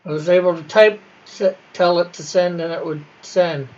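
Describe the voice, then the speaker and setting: A man with a slightly raised voice chats casually with his livestream viewers while he colors comic art. He talks haltingly, breaking off and rephrasing as he goes. The audio is dull and lo-fi, like a basic stream setup. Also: high voice, a little mellow. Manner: halting, restarts and self-corrections.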